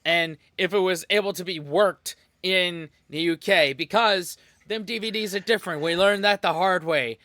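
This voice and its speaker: American male host, easygoing, bright voice, higher side. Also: normal speed, hardly any pauses, no echo, studio quality. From United States. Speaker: reaction channel host. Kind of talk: casual chat.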